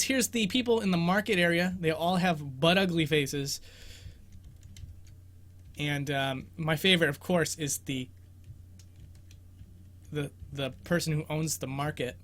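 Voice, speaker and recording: Bright, chatty young man hosting live. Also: on the high side. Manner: rambling, self-deprecating, laughs often. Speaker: host of a game exploration show. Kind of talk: casual livestream Q&A commentary. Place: bedroom.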